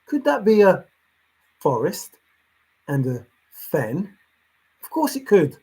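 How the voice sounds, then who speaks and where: Brief: male solo commentator, slightly high and husky, preachy rant that swings quiet to loud. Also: wildly swooping pitch, slow, low-quality recording. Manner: lecturing, insistent, repeats himself, swings between soft and loud. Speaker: treasure hunt commentator. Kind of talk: ranting monologue.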